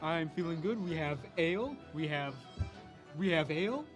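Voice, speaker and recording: A man's voice: fairly high pitch, lively intonation, normal speed, soft background music. A man playing a tabletop game, easygoing and hesitant. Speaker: player.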